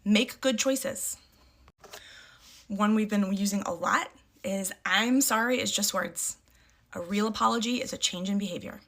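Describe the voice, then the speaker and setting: A middle-aged mother talks straight to camera in a casual, emphatic way. She drops into short, firm catchphrases and repeats them for weight, with a voice pitched right in the ordinary middle range for a woman. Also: normal speed, a bit bright. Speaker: parent sharing parenting advice.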